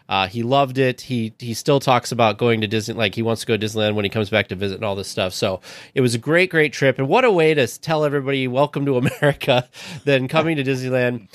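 A man's voice: medium pitch, fast talker, dry recording. A man hosting a podcast, telling a personal story in an earnest, heartfelt casual way.

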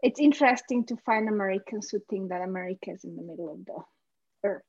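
A woman's voice: mid-range voice, fast, darkish tone, slightly rough, highs cut off. A woman from Romania with a Romanian accent, a guest in a casual podcast conversation, chatty and laughing easily.

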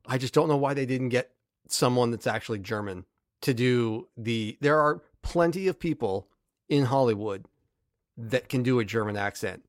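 A man's voice: medium pitch, moderate pace, no room sound, studio quality. A man in his thirties co-hosting a podcast, talking casually and ranting emphatically about a show. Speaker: podcast co-host. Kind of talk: casual chat.

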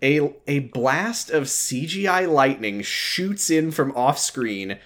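A man's voice: on the high side, expressive, slow, a bit bright. A man co-hosting a podcast in casual chat, joking and retelling scenes in detail. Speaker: podcast co-host.

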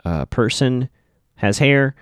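A man's voice: medium pitch, expressive, takes it slowly, dry recording. A man hosting a casual recap podcast, chatty and wry, swearing now and then, on a close desk mic. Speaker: podcast host.

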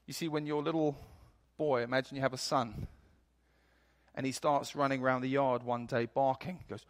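Animated male preacher. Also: medium pitch, normal speed. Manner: storytelling, animated, builds to emphatic points. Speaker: pastor. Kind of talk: sermon.

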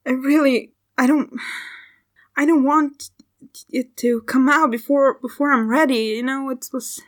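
A woman's voice: high voice, fairly even intonation, voice pushed up. A woman voicing a grieving young female servant who stammers and keeps breaking into tears. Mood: flustered. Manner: stammering, halting speech. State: crying.

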